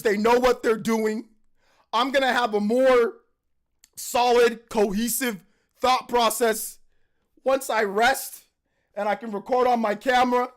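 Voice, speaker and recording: A man hosting a live reaction stream, talking in excited, emotional bursts and repeating himself, with a voice that is wearing out. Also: very high-pitched. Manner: excited, emotional, repetitive exclamations. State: losing his voice. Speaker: host.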